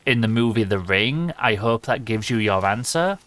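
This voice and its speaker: A man's voice: on the low side, animated, moderate pace, fairly bright tone, no echo. A young man streaming a game, chatting casually in a rambling, sweary way and laughing often. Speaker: livestreamer.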